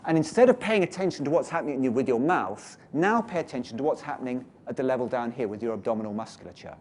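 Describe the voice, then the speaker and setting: A man's voice: medium pitch, animated, quick pace, a little hiss or hum. A British man giving a workshop lecture to teachers, explaining and leading the audience through exercises. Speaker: teacher trainer.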